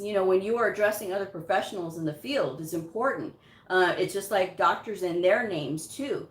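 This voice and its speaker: A woman hosting a casual live chat on her channel, giving career advice on medical coding. She speaks emphatically, repeats her points and chuckles often. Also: mid-range voice. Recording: roomy echo.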